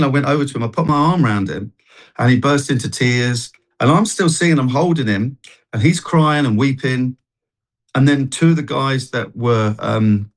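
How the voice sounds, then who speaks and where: A man's voice: medium pitch, poor audio. Earnest rambling man telling a story. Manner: earnest, rambling, many restarts. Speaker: guest, street worship singer. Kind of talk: telling a personal story in a TV interview.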